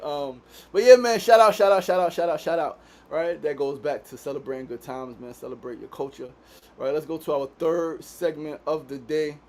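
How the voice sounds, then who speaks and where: The voice is a man's, pitched a touch high with a darkish tone and a faint hiss or hum. As host of a casual daily studio show, this Queens, New York native talks in an easy way, curses openly, and keeps throwing "right?" on the end of sentences.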